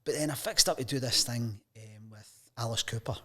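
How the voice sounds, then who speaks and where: A Scottish man in his fifties tells stories from his working life at an ordinary pitch and a natural pace. He is a guest in a relaxed interview, and he slips into the voices of the people he quotes. The feel is animated and conversational. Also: fairly quick. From Scotland. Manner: lively anecdotes, acts out quoted voices. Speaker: guest, sports journalist. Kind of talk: casual storytelling interview.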